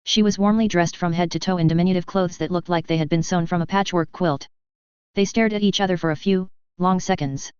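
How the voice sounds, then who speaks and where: A woman narrates a story in a measured, even way. Her voice is lowish and very smooth and clean. The recording is dull and lo-fi, in a dry room close to the mic. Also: no room sound. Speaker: story reader. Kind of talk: reading fan fiction aloud.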